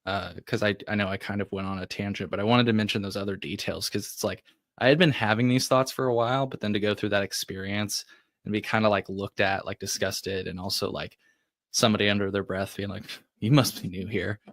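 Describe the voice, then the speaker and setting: A man's voice: on the low side, steady tone, quick pace, a bit bright, dry recording. A male podcast host telling a personal story in a casual, rambling way, full of "like" and restarts. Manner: rambling, heavy use of "like", frequent restarts.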